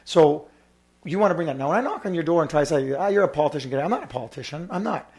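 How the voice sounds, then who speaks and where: A man's voice: on the high side, lively intonation, rapid-fire, a little mellow. A man hosting a podcast and arguing politics with emphatic, campaign-speech passion. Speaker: podcast host. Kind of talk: heated political discussion.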